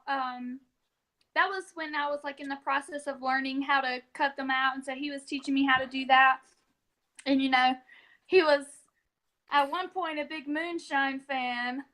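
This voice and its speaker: A woman's voice: sits high, fairly even intonation, moderate pace. A young woman with a Southern American accent, a podcast guest chatting casually and laughing often as she tells stories. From Southern United States. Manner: giggly, warm storytelling with frequent laughs. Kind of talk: casual chat.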